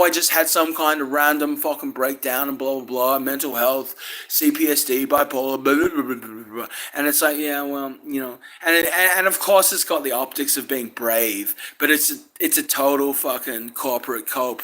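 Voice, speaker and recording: A woman's voice: on the low side, fairly bright tone. A woman delivering a rambling, angry monologue, swearing nearly every sentence. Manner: swears constantly, rambling, frustrated. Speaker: vlogger.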